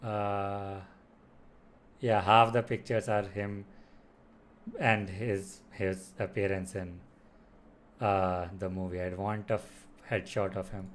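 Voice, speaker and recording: Guy talking through a movie he saw, kinda low voice, lots of like and uh. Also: flat delivery, slow pace, pauses often. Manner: rambling, heavy on fillers and restarts. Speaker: movie reviewer. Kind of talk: casual spoken film review.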